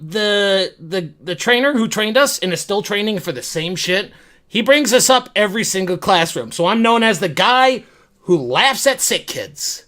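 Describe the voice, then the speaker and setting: A man's voice: sits high, sharp tone. A man telling a story to his viewers in a casual, self-deprecating way, rambling and stumbling over restarts. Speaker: vlogger.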